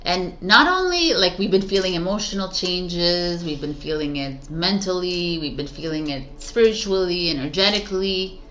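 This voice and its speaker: A woman's voice: lowish voice, animated, normal speed, few pauses, a bit bright. A woman tarot reader talking casually to her viewers, chatty and rambling, with frequent fillers and asides to herself. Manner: rambling, chatty, lots of fillers and self-talk. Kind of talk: casual spiritual chat to camera.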